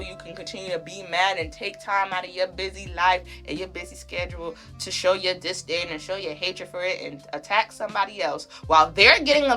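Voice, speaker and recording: A woman hosts her own podcast in a fired-up, profane rant. Her voice is bright and forceful, leaping from loud emphatic outbursts to low muttered asides. Faint music plays under her talk. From half Belizean family. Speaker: podcast host. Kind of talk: heated solo podcast rant.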